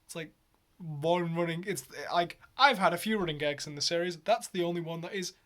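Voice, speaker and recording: A man's voice: on the high side, fairly quick, fairly bright tone. A man talking in a rambling, casual vlog, laughing often and swearing freely. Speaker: vlogger.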